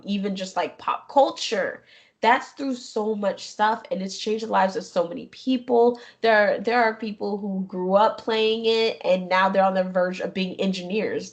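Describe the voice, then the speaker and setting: A young woman chatting as an interview guest. She talks in an animated, expressive way, laughing easily and slipping into little quoted voices. Her pitch sits in the middle. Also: muffled recording. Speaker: guest, gaming streamer. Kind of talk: casual interview chat.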